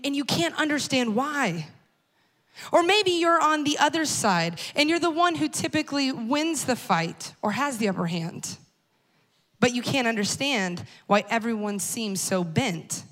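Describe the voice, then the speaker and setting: A little slow and fairly bright, a woman's high, expressive voice carries a personal story at a church talk series. She's in her thirties and talks to the audience directly, in a wry, conversational manner.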